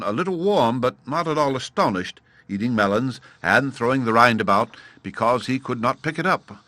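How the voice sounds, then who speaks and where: A man's voice: mid-range voice, fairly bright tone, no echo. A man narrating a classic storybook aloud, addressing his listener fondly as he tells the tale. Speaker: audiobook narrator.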